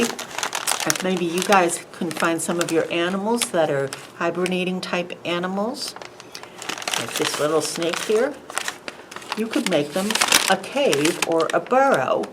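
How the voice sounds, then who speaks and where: Woman, preschool storytime reader; animated, slow-paced read-aloud. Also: lowish voice, very noisy. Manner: animated, sing-song, asks children questions. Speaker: children's librarian.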